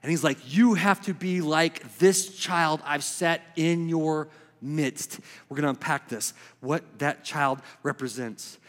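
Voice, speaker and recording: A man preaching a sermon, swinging between quick emphatic bursts and slow, hushed lines. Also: on the high side. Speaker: pastor. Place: church sanctuary. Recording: long reverb of a church hall.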